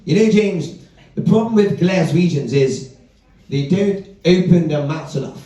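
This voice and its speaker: A man's voice: sits high, measured pace, warm tone. A man putting on a posh, fussy English voice coach who gives prim, over-enunciated instructions. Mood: instructing. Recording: echoey live club, distant mic, audience.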